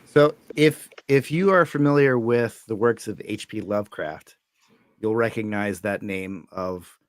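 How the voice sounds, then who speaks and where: A man's voice: fairly low pitch, unhurried, no echo, clean studio sound. Laid-back man chatting. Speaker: storyteller, channel host. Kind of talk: casual chat on a livestream.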